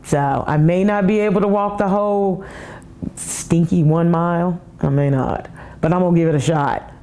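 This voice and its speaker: A middle-aged woman speaking candidly and emotionally about her own illness, with rushed asides and restarts. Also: lowish voice, warm tone. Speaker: breast cancer survivor telling her story. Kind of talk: personal testimony.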